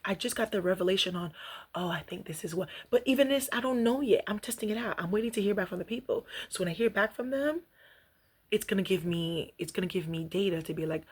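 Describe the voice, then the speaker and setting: A young woman vlogging casually about rejection, chatty and animated, laughing often and reading aloud. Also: fairly low pitch, fairly quick, breathy edge. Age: young adult. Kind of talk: casual reflective vlog.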